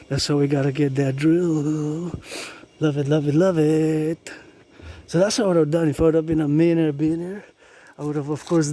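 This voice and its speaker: A man walking outdoors through residential streets, rambling excitedly and chatting to the decorations he films on his phone. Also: on the high side. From Canada. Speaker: vlogger. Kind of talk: casual walking vlog.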